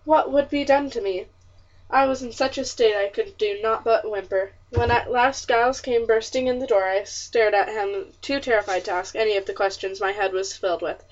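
Woman reading an old-timey novel out loud, expressive, kinda high voice, muffled lo-fi recording. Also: normal speed. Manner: expressive, old-fashioned storytelling. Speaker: audiobook narrator. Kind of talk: first-person historical novel narration.

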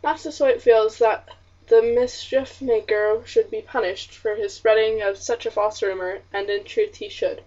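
A woman voicing a calm, reassuring colonial father who explains things in a steady, measured way. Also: on the high side. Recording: distant, muffled audiobook recording.

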